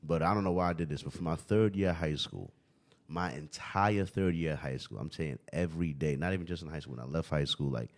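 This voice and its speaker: A man's voice: a bass voice, fairly quick. A young man hosting a casual podcast, rambling and swearing, always adding "you know what I mean". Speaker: podcast host.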